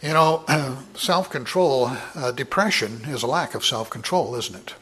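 A man preaching a sermon in a halting way, with many filler words and frequent throat clearing. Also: mid-range voice, lively intonation, a bit bright. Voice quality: husky, clears throat often.

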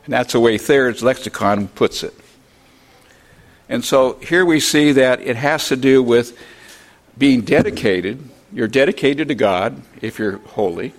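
Older man teaching from the Bible. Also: medium pitch. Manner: unhurried, reads scripture aloud, spells out words. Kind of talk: informal Bible lesson.

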